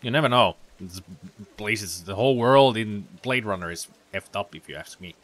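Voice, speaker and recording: A man's voice: fairly low pitch, expressive, moderate pace, a bit bright. A man from Finland, a let's play host giving chatty, rambling gameplay commentary.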